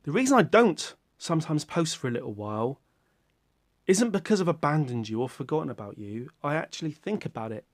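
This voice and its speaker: A British man rambles to his viewers in a casual vlog, poking fun at himself and swearing offhandedly. His voice sits fairly high for a man, and it bursts into loud, animated exclamations. The sound is close and dry, with no room echo. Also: brisk. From Britain. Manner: rambling, self-mocking, with sudden loud animated outbursts. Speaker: YouTuber.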